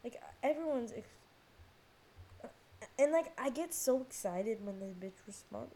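A young woman hosts her own podcast solo, recording on her phone at home, her voice on the high side, expressive and dark-toned, at a measured pace with frequent pauses. She rambles through casual chat, mocking herself and swearing a lot. She leans on "like" constantly, hops from topic to topic, and keeps losing her train of thought.

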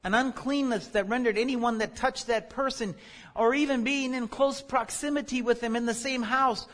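A man with a notably high voice leads a Bible study lesson. He explains each passage earnestly and steadily, and his voice springs up when he acts out the cries he quotes. The sound carries a long, lingering reverb. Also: a bit bright. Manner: earnest teaching, rises sharply when crying out quotes. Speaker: Bible teacher.

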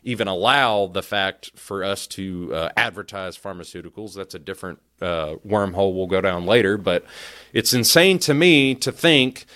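A man's voice: low voice, normal speed, fairly bright tone. A man hosting a podcast who rants heatedly and stammers and repeats himself as he gets worked up. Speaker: podcast host. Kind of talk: opinion rant.

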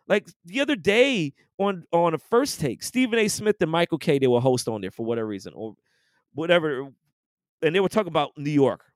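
A man's voice: high-pitched, dry recording, clean studio sound. A man co-hosting a podcast, ranting in casual, profane sports chat. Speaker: podcast co-host.

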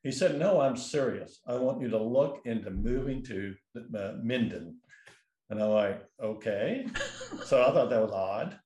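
A man's voice: mid-range voice, expressive, measured pace, dark tone, roomy sound, lo-fi sound. A man telling a long personal story in a casual, rambling way, full of restarts and fillers. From California. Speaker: guest.

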